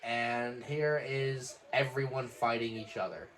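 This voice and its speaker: A man calling a wrestling match live with a friend, in quick, excitable play-by-play and dry jokes. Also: mid-range voice. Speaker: wrestling watch-along host. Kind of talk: casual live reaction commentary.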